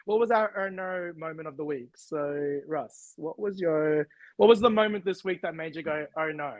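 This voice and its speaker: Aussie guy in his 30s, podcast co-host, bit higher voice, laughs a lot, dry close sound. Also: moderate pace, no echo, lo-fi sound. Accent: Australian. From Australia. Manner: giggly, animated ranting. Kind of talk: casual chat.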